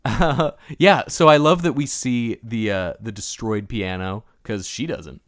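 A man co-hosting a casual film discussion, animated and often restarting his sentences, sometimes acting out characters' lines in a playful higher voice. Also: measured pace. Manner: animated, acts out characters' lines with playful high-pitched impressions. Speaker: podcast co-host.

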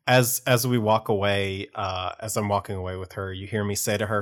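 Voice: sits low, steady tone, a little fast, few pauses. A player in a tabletop game, playful and scheming as they act their character. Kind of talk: tabletop role-play.

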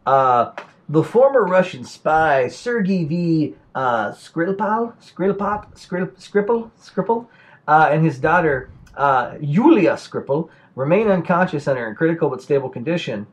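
A man's voice: on the high side, very animated, unhurried. Sardonic rambling male podcast host. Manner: rambling, sardonic, stumbling over words. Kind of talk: casual chat and news commentary.

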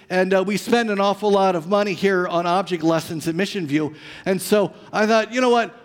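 A man preaching a sermon as pastor, animated, swinging between loud emphasis and hushed, drawn-out lines. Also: high voice. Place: church sanctuary. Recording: long reverb of a church hall.

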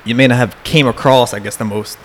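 A man's voice: medium pitch, steady tone, quick pace, a little hiss or hum. A man in casual conversation who talks agreeably and often trails off mid-thought.

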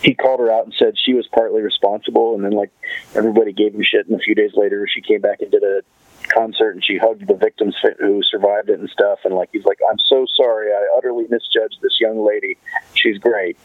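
A man's voice: lowish voice, flat delivery, quick pace, no echo. A man hosting a podcast in loose, rambling casual chat, swearing now and then. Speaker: podcast host. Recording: tinny phone-like line.

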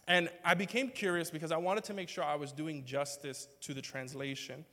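Animated pastor preaching in a reverberant hall. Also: male voice, fairly high pitch, brisk. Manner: conversational, joking, swings to loud emphatic bursts. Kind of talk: sermon.

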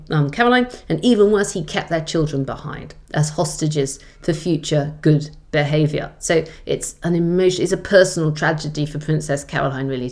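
A woman with a low-pitched voice talks through history as an interview guest. Her delivery is vivid and emphatic, with sharp jumps in pitch on the words she stresses. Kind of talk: conversational storytelling in an interview.

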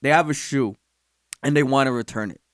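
A man's voice: medium pitch, fairly quick, smooth, no echo, studio quality. A young man in casual chat, provoking with hypothetical scenarios and swearing freely.

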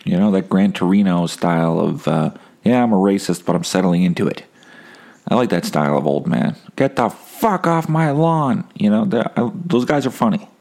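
A man's voice: sits low, fairly quick, gravelly, dark tone. A man hosting a casual solo podcast, rambling and wry, swearing freely. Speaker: podcast host.

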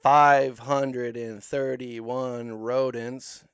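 A man's voice: mid-range voice, flat delivery, drawn-out words, clear, resonant tone, no room sound, studio quality. A man in casual chat with friends, telling animal stories in a rambling, profane way with lots of filler words.

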